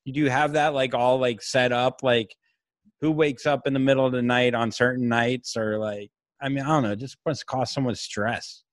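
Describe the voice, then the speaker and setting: A man's voice: medium pitch, fairly even intonation, moderate pace, no room sound, studio quality. A man hosting a podcast in casual chat, joking crudely and slipping into silly mock voices. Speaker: podcast host. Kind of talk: casual chat over a video call. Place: remote location on weak Wi-Fi.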